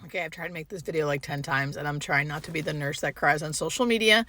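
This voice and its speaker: A young woman sits in her parked car, trying not to cry as she talks, her speech halting and full of restarts. Her voice is bright with a gravelly fry underneath. She talks straight to the camera as a hospice nurse. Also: low-pitched, a little hiss or hum. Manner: halting, emotional, restarts with fillers. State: tearful, holding back crying. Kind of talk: emotional vlog, talking to camera.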